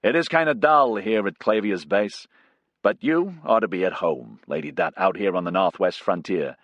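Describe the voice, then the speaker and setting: A man voicing a brash, joking male American helicopter pilot who teases loudly, in an American accent. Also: low voice, animated, normal speed, dry recording, muffled recording. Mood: teasing. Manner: teasing, loud.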